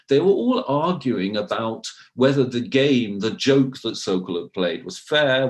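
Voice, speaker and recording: A man, a university researcher, speaking as a podcast guest and telling stories with many asides and restarts. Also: fairly low pitch. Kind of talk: casual interview, storytelling.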